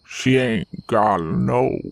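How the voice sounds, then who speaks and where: A man voicing a predatory bearded old homeless man with a Southern accent, drawling slowly and menacingly. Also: mid-range voice, creaky, dry recording.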